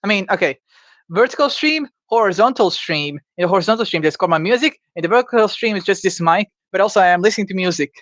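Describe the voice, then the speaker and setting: Speaking at home in a dry recording, a man livestreams himself drawing game creatures. His voice sits high and a bit bright, with lively intonation, and he talks fast. He rambles and thinks aloud in casual self-talk, full of stammers, restarts and playful asides.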